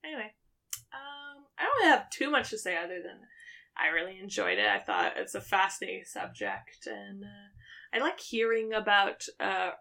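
A woman co-hosting a book podcast in casual chat, laughing often and filling pauses with "uh" and "like". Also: mid-range voice, wildly swooping pitch, gravelly, sharp tone. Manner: chatty, laughs often, trailing fillers.

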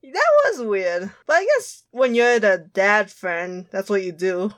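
A woman's voice: medium pitch, lively intonation, unhurried, a bit bright. A young woman co-hosting a casual chat about video games, blunt and laughing often, with "like" scattered through her speech. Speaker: podcast co-host.

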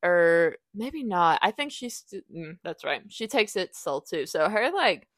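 A woman's voice: big pitch swings, unhurried, no room sound. A young woman hosting a casual podcast book review, rambling and correcting herself as she retells the plot. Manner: rambling, self-correcting, acts out quoted lines in a higher voice.

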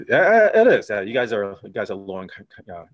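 Low, lively-voiced middle-aged male comic. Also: brisk, lo-fi sound. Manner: dry punchlines. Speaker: stand-up comedian. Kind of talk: stand-up set and banter.

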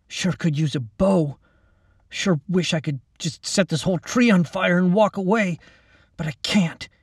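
A man voicing a frightened, folksy young man fighting goblins, shouting in a high, strained voice that cracks. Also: a little slow, breathy edge, no echo, studio quality, recorded from a distance, heavily acted. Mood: mocking.

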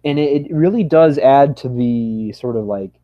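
A man's voice: mid-range voice, moderate pace, no echo. Hesitant male podcast guest, dull dry sound. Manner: hesitant, lots of ums, hums melodies. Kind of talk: casual podcast interview.

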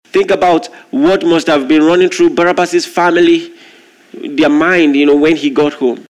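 A man preaching a sermon, telling a story with lively, animated delivery and acting out the voices in it. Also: on the high side, normal speed.

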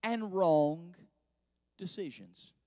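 A man preaching in church, his voice sitting high and sounding dry and close. He tells homespun stories and builds into fervent, ringing passages. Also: lively intonation, very slow, mellow, no echo. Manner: folksy storytelling, rising to fervent preaching. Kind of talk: sermon.

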